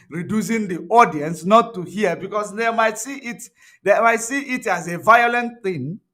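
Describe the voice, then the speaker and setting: High, bright-voiced man lecturing. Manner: emphatic, repetitive, lecturing. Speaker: online commentator. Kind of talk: livestream commentary.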